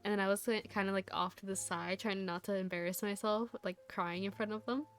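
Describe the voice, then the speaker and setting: A woman's voice: mid-range voice, fairly even intonation, fairly quick, faint music behind. A woman VTuber chatting casually to her stream viewers, rambling through a story with lots of laughs and fillers.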